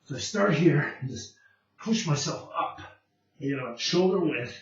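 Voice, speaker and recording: A man's voice: a little high, expressive, a little slow. Guy coaching a home workout, puffing and out of breath, far from the mic, very echoey dull room. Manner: breathless, puffing between sets, many fillers. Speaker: fitness instructor. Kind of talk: casual workout demonstration.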